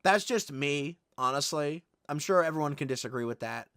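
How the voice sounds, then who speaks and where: Man commenting with a gravelly, bright voice. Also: fairly high pitch, expressive, normal speed, no echo, clean studio sound. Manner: rambling, self-deprecating, many "like" fillers. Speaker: commentary host. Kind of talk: casual video commentary.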